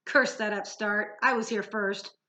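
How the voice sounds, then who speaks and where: A woman's voice: mid-range voice, steady tone, unhurried, pushed and bright. A woman voicing a whiny, gloating old male sea spirit in a storybook read-aloud. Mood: wailing. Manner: whiny, then sly and gloating.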